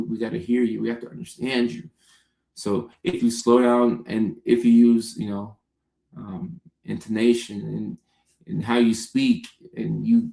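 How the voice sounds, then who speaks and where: A man hosting a casual livestream, answering viewers' comments by name in an unhurried, conversational way. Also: medium pitch, vocal fry, a little mellow, reverberant. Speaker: comedian and livestream host answering chat.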